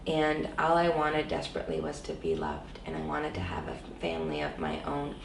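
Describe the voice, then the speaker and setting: A woman's voice: deep voice, gravelly, far from the mic, a little hiss or hum. A woman guest telling her personal story in an earnest, reflective way, often saying "you know.". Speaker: interview guest. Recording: roomy echo, voice a bit off-mic, faint background ambience.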